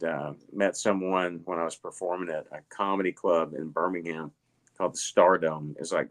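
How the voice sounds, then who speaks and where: A middle-aged man with a Southern US accent, telling stories at a relaxed pace with lots of fillers as a guest in an interview. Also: low-pitched. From Alabama. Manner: rambling, relaxed storytelling with many fillers. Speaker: guest, illusionist. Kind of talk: casual interview chat.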